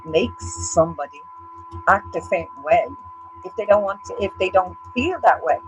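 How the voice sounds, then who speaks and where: A woman co-hosting a casual chat show is blunt, sweary, and animated, acting out what other people say about her. Her voice is on the low side at normal speed, and the low-quality recording has a slight hiss or hum.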